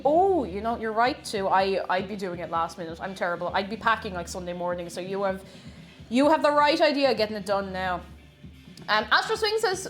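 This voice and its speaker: A woman's voice: medium pitch, lively intonation, moderate pace. A young woman chatting on a baking live stream, greeting viewers one by one and laughing often.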